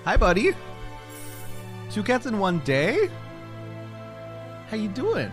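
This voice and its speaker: A high-pitched, wildly swooping male voice belongs to a game streamer who reacts to everything with gasps and bursts of laughter. He talks in an unhurried way between his outbursts. Game music plays clearly underneath him. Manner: excitable, gasping, laughing reactions. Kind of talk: live game stream commentary.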